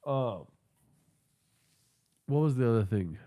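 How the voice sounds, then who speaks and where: Man, podcast host, casual livestream, profane, excitable, rambling, stuffy nose, phone in hand, mid pitch. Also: slow pace. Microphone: phone held in hand.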